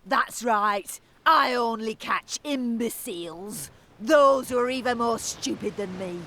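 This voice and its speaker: An actress playing a gruff female orc bounty hunter in a video game, curt and threatening. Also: fairly high pitch, slow, a bit bright.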